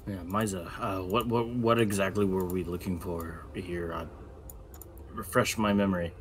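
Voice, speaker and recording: A man's voice: low voice, steady tone, normal speed, faint music behind. A man playing a tabletop role-playing game, talking hesitantly with many fillers while acting out his character. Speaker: player. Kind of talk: casual tabletop play.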